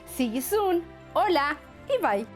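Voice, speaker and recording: A woman hosts an entertainment show with a high, very animated voice. She closes a film review in an upbeat, promotional tone. Music plays clearly behind her. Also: a little slow.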